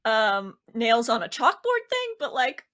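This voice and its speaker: A woman's voice: a little high, big pitch swings, a little slow, a bit bright. A woman co-hosting a book podcast in casual, candid chat. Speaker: podcast co-host.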